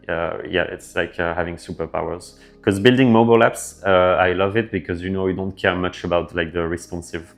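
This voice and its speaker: A man with a French accent, hosting a casual developer livestream and answering viewer questions in a relaxed way with lots of fillers. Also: sits low. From France. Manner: relaxed, filler-heavy, thinking aloud. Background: faint background music.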